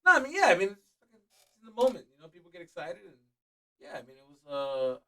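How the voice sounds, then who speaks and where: A young adult man, a comedian, chatting casually and telling stories with plenty of cursing. His voice is highish and bright. He sits a little away from the microphone. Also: fast talker, recorded from a distance, poor audio. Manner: profane, animated storyteller. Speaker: stand-up comedian guest. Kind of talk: casual podcast chat.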